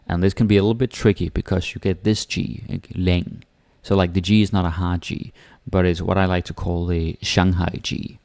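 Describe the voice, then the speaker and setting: A man with a Danish accent teaching pronunciation, speaking slowly and repeating each word for the learner. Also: low-pitched, steady tone, gravelly, darkish tone, dry recording. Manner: slow, repeating words for the learner. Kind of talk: pronunciation lesson.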